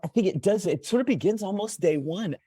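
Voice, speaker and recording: A man on a mental health podcast, speaking haltingly with repeated words and explaining through everyday analogies. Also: sits high, animated, warm tone, breathy edge, dry recording, clean studio sound. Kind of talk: podcast conversation.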